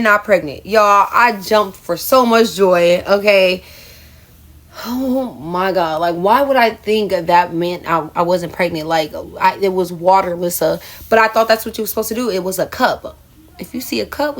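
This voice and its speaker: A woman's voice: mid-range voice, normal speed. A young adult woman telling a personal story in a casual vlog, chatty and self-mocking, often calling her viewers y'all. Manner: chatty, addresses viewers as y'all, laughs at herself. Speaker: storyteller vlogger.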